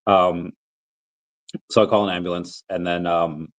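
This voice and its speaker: A man's voice: deep voice, flat delivery, measured pace, rough recording. A man in his thirties with the flu, coughing now and then, hosting a casual livestream Q&A and rambling through his thoughts with many restarts. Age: 30s. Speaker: crypto livestream host.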